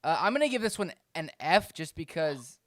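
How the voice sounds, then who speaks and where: A man co-hosting a casual fantasy football podcast, reading out names with animated delivery and frequent laughs. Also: on the high side, moderate pace, dry recording, clean studio sound. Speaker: podcast co-host. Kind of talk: casual chat.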